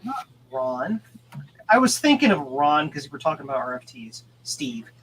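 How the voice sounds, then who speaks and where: A man chatting casually on a live repair stream, slipping in jokes and playful banter as he works. His voice sits a little high for a man, and a steady hiss of noise runs under the mic. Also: normal speed, low-quality recording. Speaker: stream host repairing boards. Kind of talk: casual livestream chat while soldering.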